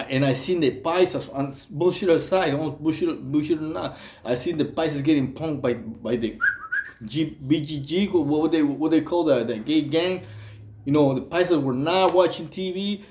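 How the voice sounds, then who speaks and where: A man's voice: fairly high pitch, a little mellow, echoey room. A man from Mexico, casually telling prison stories in a rambling way, full of fillers, restarts and slang. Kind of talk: casual storytelling monologue.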